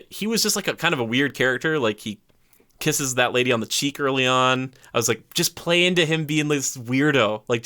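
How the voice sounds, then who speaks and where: A man's voice: medium pitch, bright, forceful tone. A man co-hosting a podcast, chatting casually about a movie and acting out scenes in quoted voices. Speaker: podcast co-host. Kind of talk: casual movie review chat.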